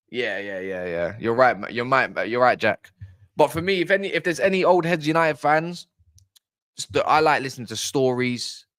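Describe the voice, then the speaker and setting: A man's voice: medium pitch, a bit bright, no echo, studio quality. A man hosting a football fan channel, chatting casually on a live stream in a blunt, rambling way and swearing freely.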